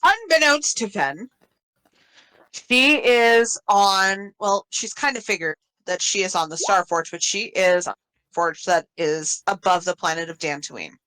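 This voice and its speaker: A woman game master recapping the last session of a tabletop campaign in a relaxed way, laughing often between lines. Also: medium pitch, a little slow, clear, resonant tone, poor audio.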